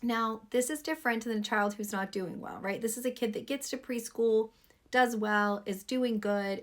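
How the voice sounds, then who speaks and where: A woman's voice: a little high, steady tone, normal speed. A woman pediatrician talking straight to camera, earnestly advising parents.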